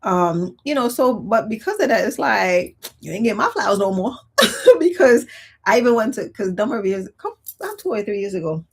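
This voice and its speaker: Husky-voiced woman chatting on a livestream. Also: mid-range voice, a little fast. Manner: chatty, expressive, reads viewer comments aloud. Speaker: livestream host. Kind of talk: casual storytelling chat.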